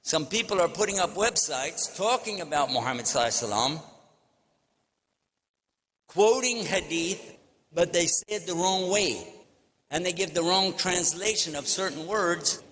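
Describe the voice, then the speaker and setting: An older man with a Texan drawl delivers a folksy public lecture, spinning stories and acting out both sides of phone calls. His voice sits a little high for a man, and it rings out through a big hall with a long reverb trailing behind it. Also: expressive, moderate pace, pauses often, fairly bright tone. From Texas, United States. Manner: folksy storytelling, acts out phone dialogue. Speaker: Islamic preacher. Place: large convention hall.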